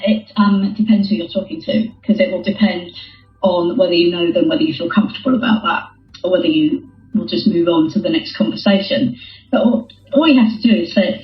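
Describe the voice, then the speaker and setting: A woman guest, a former hostage negotiator, speaking in a thoughtful conversational way and repeating her key phrases. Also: medium pitch. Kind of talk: conversational interview. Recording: dull lo-fi roomy call audio.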